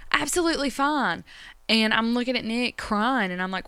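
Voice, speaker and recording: A woman's voice: fairly high pitch, expressive, normal speed, fairly bright tone, clean tone, no room sound. A woman, talking emotionally and rambling about her day as a podcast host. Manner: emotional, rambling, addresses listeners directly. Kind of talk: personal confessional chat.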